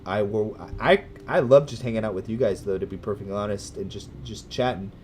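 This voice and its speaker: A Californian American man with a lowish voice talks casually to his livestream chat. He rambles, hesitates and restarts his sentences, then jumps up into loud, cheerful hellos for the viewers. Faint ambient noise sits under his voice. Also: a little fast. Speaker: gaming livestreamer.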